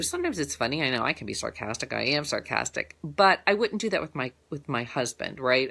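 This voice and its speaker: A middle-aged woman with a low voice talks casually to her viewers as a relationship therapist. She is earnest and rambles, with frequent fillers and self-corrections. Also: gravelly, sharp tone. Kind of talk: casual advice talk to viewers.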